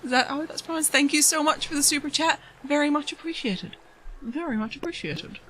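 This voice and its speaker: Bright, chatty woman streamer. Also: high voice, steady tone, quick pace, slight background noise. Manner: chatty, giggly, talks to pets and chat. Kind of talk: casual live-stream chatter while playing. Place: home.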